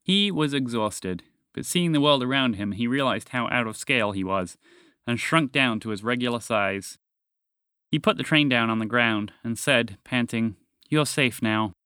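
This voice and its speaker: Male storyteller, lively expressive read, middle voice, dry booth sound. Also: medium pitch, normal speed, clear, resonant tone, no echo. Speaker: narrator. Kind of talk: storybook narration.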